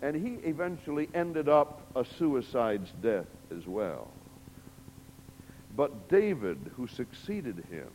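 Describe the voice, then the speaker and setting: A man preaching a sermon, reading scripture with dramatic, emphatic swings from soft to loud. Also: medium pitch, big pitch swings, slow. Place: church sanctuary. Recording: long hall reverb.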